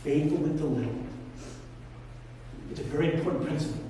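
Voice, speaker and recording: A man's voice: on the high side, fairly quick, slight background noise. A man preaching a sermon as pastor, in a casual, joking, storytelling way. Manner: conversational, joking, animated storytelling. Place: church hall. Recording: echoey hall, mic far off.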